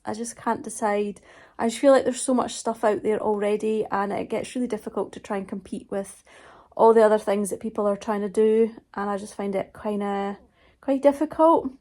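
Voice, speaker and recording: A woman vlogging casually to camera about her day, chatty with frequent pauses and ums. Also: mid-range voice, darkish tone. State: tired, yawning.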